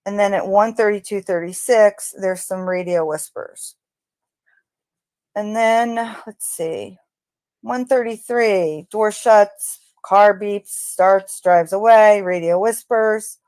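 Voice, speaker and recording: A woman's voice: mid-range voice, takes it slowly, a little mellow, no room sound. A woman narrating her analysis of crime-scene audio, speaking tentatively with fillers and speculation. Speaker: true crime commentator.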